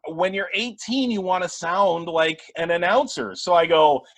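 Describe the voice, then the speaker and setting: Young sports broadcaster, dry close voice. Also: male voice, sits high, no room sound. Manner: animated, quick anecdotes with many restarts and fillers. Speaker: play-by-play broadcaster, podcast guest. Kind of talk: casual storytelling chat.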